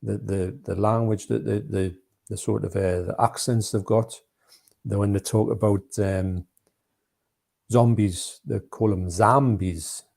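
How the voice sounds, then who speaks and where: A man with a low, gravelly voice talks loosely about cult films on a live stream, circling back and restarting his sentences as he goes. His tone is dark and mellow. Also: fairly even intonation, normal speed. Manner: rambling, restarts often, retells film scenes in put-on voices. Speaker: guest. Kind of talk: casual movie chat on a live stream.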